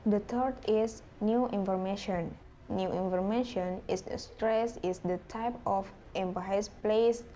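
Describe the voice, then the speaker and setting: Woman, classroom presentation, slow, mellow tone, halting with fillers, faint background noise. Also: mid-range voice. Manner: halting, with fillers and self-corrections.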